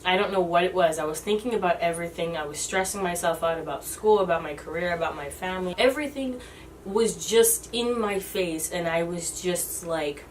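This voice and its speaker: A woman in her twenties telling a personal story in a halting, emotional way, often restarting her sentences. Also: lowish voice, far from the mic, a little hiss or hum. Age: 20s. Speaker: vlogger.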